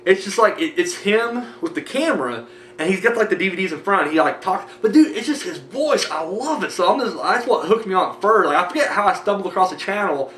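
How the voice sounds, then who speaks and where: A man's voice: high voice, lively intonation, a little fast, fairly bright tone, roomy sound, slight background noise. An American man rambling casually with many fillers while thanking his viewers in a vlog. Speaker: movie review vlogger.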